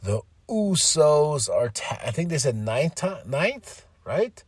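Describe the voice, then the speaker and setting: A man hosting a casual solo podcast recap. He is excitable and animated, swears freely, laughs often and mimics the people he talks about. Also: a little high, slow pace, slightly rough, dry recording. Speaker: podcast host.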